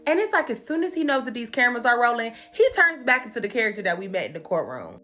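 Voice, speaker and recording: A woman delivers a sassy, animated comedic recap, her high voice swinging widely in pitch. She sounds bright and sharp and throws in asides with swearing. Faint music plays underneath.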